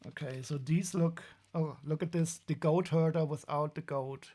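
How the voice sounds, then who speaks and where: A man's voice: on the high side, fairly even intonation, normal speed, dark tone. German-accented man chatting on a stream. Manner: wry, rambling, many restarts and fillers. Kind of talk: casual live-stream chat while unboxing.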